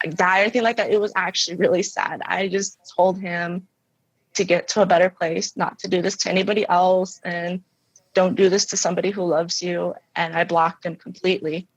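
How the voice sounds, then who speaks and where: Woman recounting hardship, halting and candid. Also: lowish voice, no room sound, rough recording. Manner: halting, many fillers and restarts. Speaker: guest. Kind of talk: emotional personal testimony.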